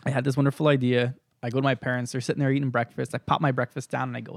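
Young male podcast co-host, quick animated talker, dry close sound, venting with some swearing. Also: mid-range voice, dry recording. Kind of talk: casual podcast chat.

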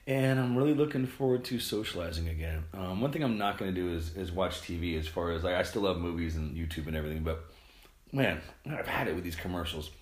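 Man, middle-aged, lowish voice, rambling casual storyteller, echoey room. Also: fast. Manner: rambling, animated storytelling with swearing. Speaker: vlogger. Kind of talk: casual chat to camera. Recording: roomy echo.

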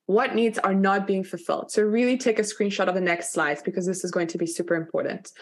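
A woman's voice: medium pitch, steady tone, fast talker. A woman leading a live online workshop, talking candidly and chattily, full of "like" fillers and blunt swearing. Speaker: workshop facilitator.

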